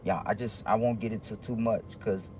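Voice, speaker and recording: A man's voice: lowish voice, steady tone, mellow, slight background noise. Rambling man talking on a livestream. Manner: rambling, halting, with many restarts; earnest, confiding tone addressing viewers. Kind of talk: casual livestream monologue.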